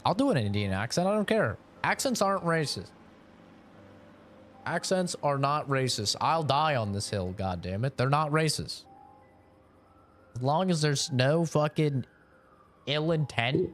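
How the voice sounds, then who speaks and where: A man's voice: on the high side, expressive, a little slow, long pauses, slight background noise. A man chatting casually while streaming a game, rambling and opinionated, leaning on "you know" and swearing now and then.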